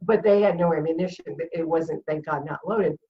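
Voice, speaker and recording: A middle-aged woman with a Rhode Island accent, a comedian and former cheerleader, is a guest on a video chat show. She tells an animated story, laughing often and acting out quotes in her deep voice at normal speed. She sounds far from the mic, with dull audio and a little hiss or hum.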